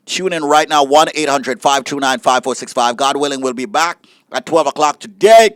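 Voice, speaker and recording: A man co-hosting a radio show, reading out the phone number and teasing his co-host in playful, energetic banter. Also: mid-range voice, moderate pace, clear, resonant tone, no room sound.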